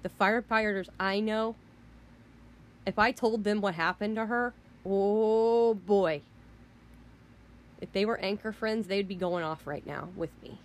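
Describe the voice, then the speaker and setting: A woman's voice: medium pitch, measured pace, long pauses, a little hiss or hum. A woman hosting a podcast, ranting in an indignant, heated way with mild swearing and frequent restarts. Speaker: podcast host. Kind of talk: casual rant.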